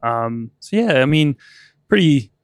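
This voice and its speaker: A man's voice: mid-range voice, expressive, unhurried, no echo, studio quality. A man co-hosting a podcast in casual, rambling chat, often laughing. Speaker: podcast co-host.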